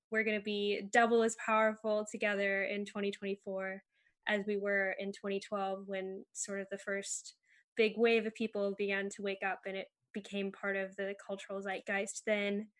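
A woman speaks as a panel guest, pouring out effusive gratitude. Her delivery stays flat and even in pitch, and she is heard over a video call. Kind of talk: heartfelt spiritual sharing.

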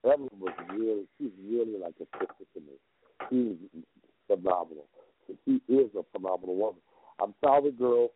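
A man's voice: brisk, husky. A man who is a guest vocal coach, telling a long story on a radio show in an emphatic, repetitive way, heard through a phone line. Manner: emphatic, repeats himself, jumps between pitch levels.

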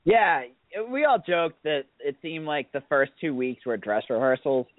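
A man co-hosting a sports talk show in a relaxed, rambling way with lots of fillers. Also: fairly high pitch, measured pace, dry recording. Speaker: co-host. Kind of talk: casual sports radio talk. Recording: dry, tinny phone-like line.

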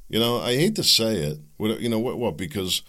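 A man with a low voice hosts a political podcast alone. He talks in a loose monologue, building up heat with sarcastic jabs, and says the coffee has him jittery. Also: fairly quick. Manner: animated, gets worked up, sarcastic asides. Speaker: podcast host.

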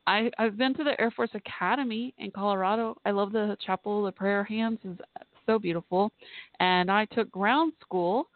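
A woman hosting a call-in podcast from her home office, chatting casually, thinking out loud and apologizing often. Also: mid-range voice, no echo, phone-quality sound. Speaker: podcast host. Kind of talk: casual call-in show chat.

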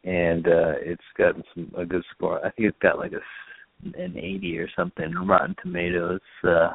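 This low, creaky voice with a breathy edge belongs to a man hosting a laid-back movie review podcast. He's animated yet hesitant, moving at a moderate pace and leaning heavily on "uh" and "um," all captured in a dry, echo-free, phone-like sound.

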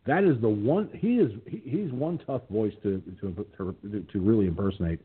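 A man's voice: on the low side, lively intonation, normal speed, husky. A man hosting an internet radio show, chatting casually and rambling with plenty of fillers. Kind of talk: casual chat. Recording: phone-like lo-fi line.

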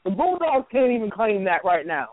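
A man with a high voice co-hosts a sports radio talk show and mocks the local teams with sarcastic asides. The sound is tinny and phone-like, dry and close. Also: very animated, moderate pace, no room sound. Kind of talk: casual sports radio rant.

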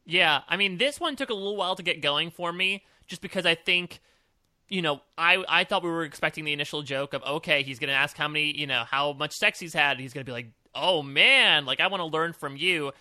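A man co-hosting a podcast, talking casually and in an upbeat, animated way about comedy sketches, often laughing. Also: a little high, fast talker, no echo. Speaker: podcast co-host. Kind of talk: casual review chat.

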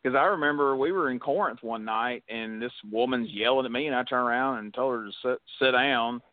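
A man's voice: mid-range voice, brisk, no room sound. A man hosting a podcast, telling blunt, salty stories in casual chat. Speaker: podcast host. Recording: dry phone-like sound.

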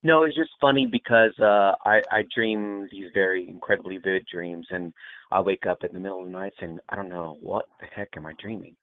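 A man calling in to a radio show, relaxed and laid-back. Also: low-pitched, brisk, dry recording. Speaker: caller. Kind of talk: phone call to a radio show. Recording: tinny phone line.

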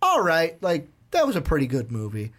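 This co-host of an easygoing movie review podcast has a slightly high, fairly bright voice that swings hugely in pitch, at a moderate pace. He rambles, says "like" constantly, and acts out scenes as he recounts the films.

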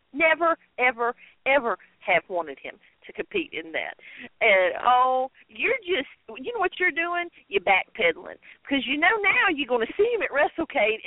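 Male co-host, high lively voice, exasperated mocking rant over a tinny phone line. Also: dry recording. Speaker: podcast co-host. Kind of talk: heated radio banter.

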